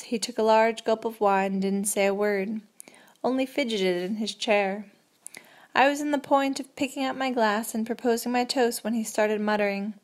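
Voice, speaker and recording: A woman reading a novel aloud in the first person, steady and even with the odd slip. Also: a little high, normal speed. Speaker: audiobook reader. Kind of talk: first-person audiobook narration.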